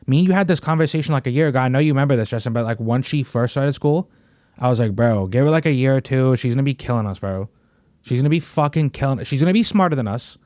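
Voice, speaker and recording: A man's voice: medium pitch, expressive, fast talker, darkish tone, dry recording, studio quality. A young man hosting a podcast, chatting casually in a slangy, rambling way full of "bro" and "you know what I mean". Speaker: podcast host. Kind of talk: casual chat.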